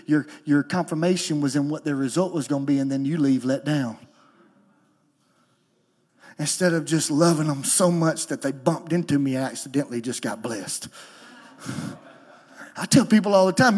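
A man who is a lead pastor, preaching a sermon in an emotional, animated way, moving from soft and low to high and loud. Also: moderate pace, husky.

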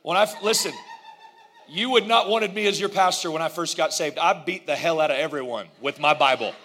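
A middle-aged pastor preaches with a high, bright and forceful voice. He jokes and laughs with his congregation as he goes, animated and playful. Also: fairly quick, slight background noise. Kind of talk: sermon.

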